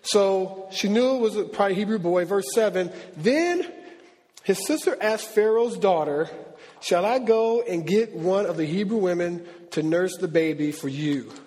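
A middle-aged man preaching a sermon in a lively, conversational way with slang. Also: sits high, normal speed. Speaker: pastor. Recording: long reverb of a large hall.

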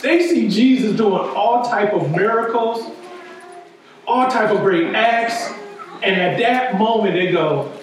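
A man with a high voice preaches a sermon in a casual, conversational way, tossing "right?" to the room again and again. His voice rings through a very echoey church hall, caught from a distance with a faint hum of room noise behind. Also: takes it slowly. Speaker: pastor.

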